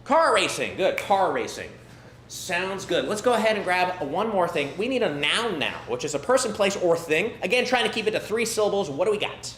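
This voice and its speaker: A man's voice: high voice, sing-song, moderate pace, fairly bright tone. A man hosts a live improv comedy night, his voice swinging up and down as he rallies the audience with upbeat calls. He sounds roomy and echoey through a handheld stage mic, with plenty of crowd noise behind him in the theatre. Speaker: host of improv show. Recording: echoey room, noisy audience.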